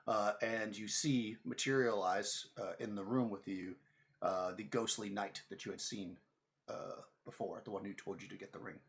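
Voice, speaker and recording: Low-voiced man running a tabletop game. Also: steady tone. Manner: halting, many fillers and restarts. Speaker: game master.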